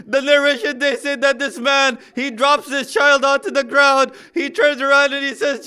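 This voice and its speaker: Male majlis speaker with a very high, rapid, level delivery, telling a tearful story in a mourning sermon. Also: monotone, bright, forceful tone.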